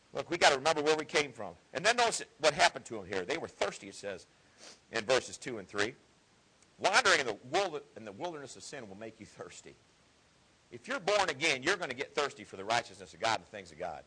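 A middle-aged man preaching a fervent sermon, swinging from loud exhortation to hushed personal storytelling. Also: a little high, slightly rough, poor audio.

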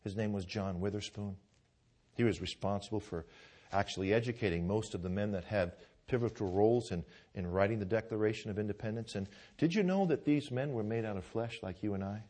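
A man with a lowish, darker-toned voice speaks briskly as he preaches in a church lined with pews. He's fervent yet conversational, frequently asking the congregation "Amen?" and restarting his sentences while telling a story.

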